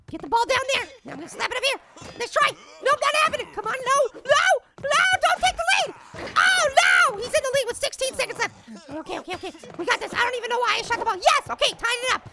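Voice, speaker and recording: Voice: extremely high pitch, creaky, very noisy, full character voice. A voice actor playing a tiny, cheeky cartoon apple who plays a basketball video game and trash-talks the opponents. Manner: trash-talking, excitable, quick banter at the game. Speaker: gaming channel host. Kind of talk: cartoon character game commentary.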